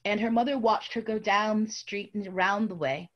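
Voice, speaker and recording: Woman storyteller, mid pitch, dramatic swings from bright to hushed, talks straight to the audience. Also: steady tone, moderate pace, highs cut off. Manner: dramatic, swinging from bright raised tones down to hushed near-whispers; addresses the audience directly. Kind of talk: oral storytelling lecture.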